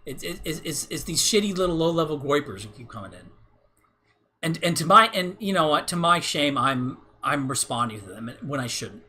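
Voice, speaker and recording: A man's voice: fairly high pitch, sing-song, normal speed, bright, forceful tone, a little hiss or hum. Rambling, profane man ranting on a livestream. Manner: rambling and repetitive, heavy "right?" tags, profane. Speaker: livestream host. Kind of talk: casual livestream rant.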